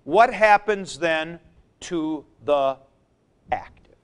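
A man teaching a classroom lecture, explaining deliberately with frank asides to his students. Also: fairly high pitch, lively intonation, clear, resonant tone. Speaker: Greek teacher.

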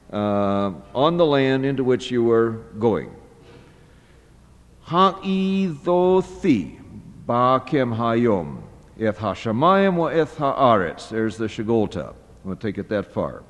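A man teaching a scripture lesson, reading a text slowly line by line and pausing often with "uh". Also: medium pitch, darkish tone, long reverb tail. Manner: slow, deliberate, pausing often with "uh". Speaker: Hebrew Bible teacher.

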